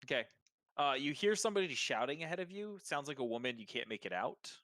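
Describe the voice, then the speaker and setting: A man's voice: fairly high pitch, very animated, fast, a bit bright, dry recording. A man narrating as game master of a tabletop game, describing scenes with fillers and restarts.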